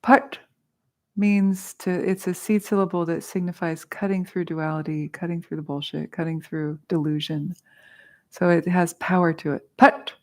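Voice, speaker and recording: A woman's voice: fairly low pitch, steady tone, normal speed, darkish tone. A middle-aged woman leading a mantra class, explaining with casual humor and easy laughter. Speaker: meditation teacher. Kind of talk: guided mantra teaching. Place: studio.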